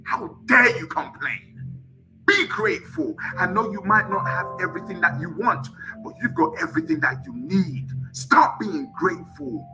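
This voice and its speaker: A man's voice: high-pitched, sing-song, moderate pace, over music, low-quality recording. A man hosting a live motivational show, leading chanted affirmations and breathing, preaching fervently and urging viewers to respond. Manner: fervent and preachy, swinging from shouts to soft whispers; leads call-and-response, urging viewers to repeat and type. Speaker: motivational live-stream host.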